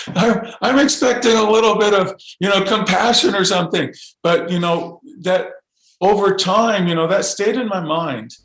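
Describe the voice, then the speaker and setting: A man speaking as a podcast guest, telling his story in an earnest, halting way with frequent restarts. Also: sits high, gravelly, fairly bright tone, roomy sound, poor audio. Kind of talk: podcast interview testimony.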